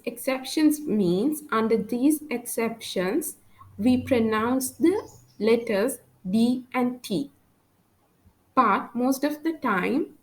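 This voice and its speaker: A woman's voice: on the high side, rough recording. A woman teaching French in a lesson, patiently repeating each example word. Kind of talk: language lesson.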